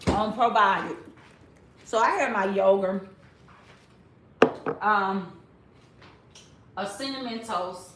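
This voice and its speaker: Slow, sassy woman in her forties. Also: mid-range voice, reverberant, background noise. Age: 40s. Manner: drawn-out, talks straight to the chat; blunt and sassy. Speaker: live-stream commentary host. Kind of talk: casual live-stream commentary.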